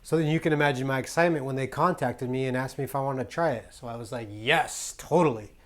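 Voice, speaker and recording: A man's voice: medium pitch, steady tone, racing, a little hiss or hum. A man from the United States chatting casually to camera as a travel vlogger, rambling and playful with lots of ums and restarts. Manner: rambling and playful, with many fillers. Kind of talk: casual vlog chat.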